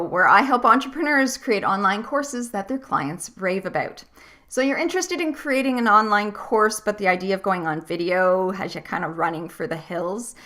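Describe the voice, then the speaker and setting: A woman coach giving tips straight to camera in a clear, upbeat, teacherly way, slowing down and getting louder or quieter for emphasis. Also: mid-range voice, lively intonation. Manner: clear, upbeat, teacherly delivery that varies pace and loudness for emphasis. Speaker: online course coach. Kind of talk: direct-to-camera tips video.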